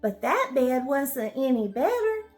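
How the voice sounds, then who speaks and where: A woman's voice: high voice, sing-song, measured pace, faint music behind, voice pushed down. A woman voicing a grumpy little girl who grumbles and mumbles complaints in a bedtime story.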